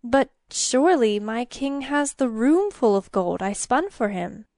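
Brief: woman playing a poised clever young baroness, courteous, measured, storybook tale. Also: fairly high pitch, animated, darkish tone, no echo, studio quality. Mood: polite.

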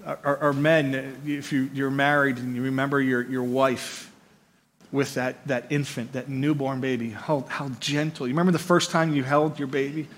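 A male pastor delivers a conversational sermon in a mid-range voice at normal speed. He's animated, keeps checking in with listeners by asking "right?", and repeats words as he builds his points.

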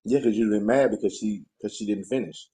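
Low husky man teasing his co-host. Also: a little fast, mellow. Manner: teasing, repeats points insistently. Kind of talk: casual podcast banter.

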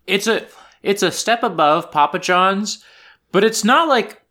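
Lively, bright-voiced chatty man. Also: high-pitched, unhurried. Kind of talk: casual chat.

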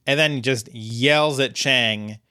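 Podcast guy going over the plot, bright smooth voice, lots of ums, dry humor. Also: medium pitch, slow, no echo. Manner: relaxed, many ums and uhs, dry humor. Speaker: podcast co-host. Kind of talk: casual episode recap.

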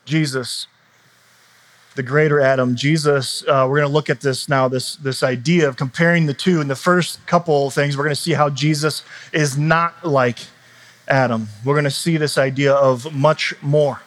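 A man's voice: a little high, steady tone, normal speed, a bit bright. A man in his thirties preaching in a church, telling stories in a loose, conversational way with laughs and asides. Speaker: pastor. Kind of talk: sermon.

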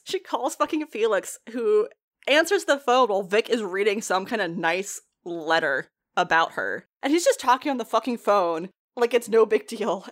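A young woman chatting casually, recapping a TV episode with lots of swearing and laughter. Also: mid-range voice. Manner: animated, swears freely, laughs often.

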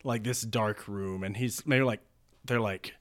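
A man's voice: fairly low pitch, steady tone, measured pace, fairly bright tone, dry recording, clean studio sound. A man talking through ideas in a loose, casual podcast chat, rambling with lots of fillers and restarts.

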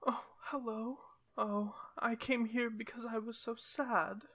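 A woman voicing a sad, gentle cursed young woman who turns into a grizzly bear, with a soft, breathy, higher voice. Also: fairly even intonation, slow. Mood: wistful. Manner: wistful and polite.

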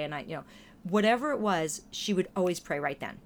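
A woman's voice: on the low side, a little fast, slight background noise. Chatty woman telling faith stories. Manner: lively storytelling, acts out quoted voices. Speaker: podcast guest or co-host. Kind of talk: casual chat.

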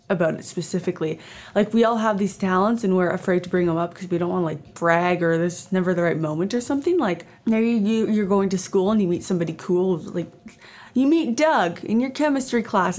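With a medium-pitched, darkish voice, a woman in her twenties from Canada runs a solo podcast. Her style is casual and chatty, rambling along with plenty of fillers and self-deprecating remarks.

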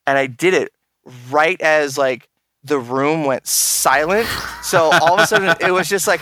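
A man's voice: on the high side, a little slow, sharp tone, no echo. A man hosting a casual gaming podcast, joking crudely and laughing often. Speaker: podcast host.

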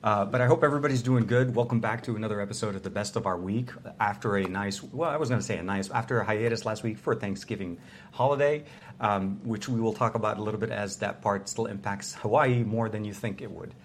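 A man with a lowish voice co-hosts a relaxed tech podcast from a small hotel room. He rambles, restarts his sentences and fills gaps with "um" and "uh". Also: fast talker, a little hiss or hum. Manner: rambling, restarts often, many "um"s. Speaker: podcast co-host. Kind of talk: casual tech podcast chat.

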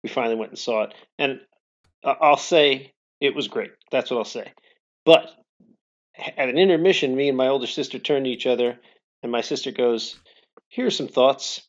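A man co-hosting a podcast, telling an animated story in casual chat and laughing often. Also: medium pitch, moderate pace, dull audio. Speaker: podcast co-host.

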